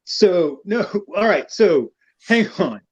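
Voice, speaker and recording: A man's voice: sits high, very animated, slow pace, slight background noise. A man telling a comic story as a guest, swearing freely and playful. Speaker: guest knight. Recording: dull lo-fi dry sound.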